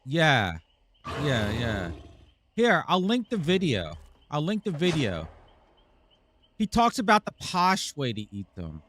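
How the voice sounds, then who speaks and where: A man's voice: a little high, huge pitch swings, slow, pauses often, fairly bright tone, a little hiss or hum. A man hosting a live game stream, chatting casually and teasing his viewers in a playful way. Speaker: live-stream gamer host.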